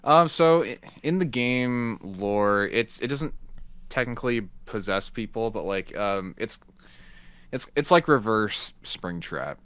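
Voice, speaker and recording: Lowish crisp bright voice, laid-back guy explaining game stuff on a podcast, dry sound. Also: expressive, takes it slowly, dry recording. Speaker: podcast co-host. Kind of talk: casual podcast chat.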